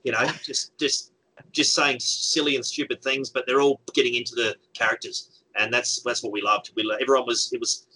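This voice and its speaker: A man's voice: mid-range voice, level tone, brisk, pushed and bright, a little hiss or hum, poor audio. A man chatting casually as a guest game organizer, rambling with many fillers and restarts. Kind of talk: casual chat.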